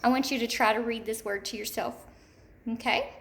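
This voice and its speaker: Woman teacher, slightly high voice, slow careful phonics lesson for kids. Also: fairly even intonation. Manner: slow, deliberate, repeats words clearly; speaks to young children, checks with "okay?". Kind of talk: recorded remote phonics lesson.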